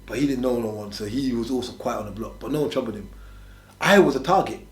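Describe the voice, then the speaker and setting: Fast-talking slang man. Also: mid-range voice. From England. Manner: fast, streetwise, repetitive emphatic phrasing. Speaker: interview guest. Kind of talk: casual conversational storytelling. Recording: echoey room.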